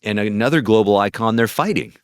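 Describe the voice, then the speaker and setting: A man from North Carolina, a voice actor, telling animated, rambling anecdotes in an interview, with a gritty chest voice. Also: on the low side, a little fast, smooth, no room sound, clean studio sound. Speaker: guest voice actor. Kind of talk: casual interview storytelling.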